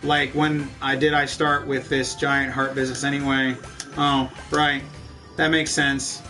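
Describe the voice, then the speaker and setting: A man's voice: medium pitch, flat delivery, a little slow, bright, forceful tone. Man, swearing let's play host, game music underneath, distant mic. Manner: profane, ranting, laughs often. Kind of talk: casual gameplay commentary chatting with viewers.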